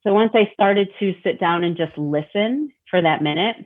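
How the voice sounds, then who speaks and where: Here a middle-aged woman from Detroit, a guest, shares frankly about recovery at normal speed in a fairly low voice. She tends to repeat words and act out what she was thinking. The sound is thin and phone-like.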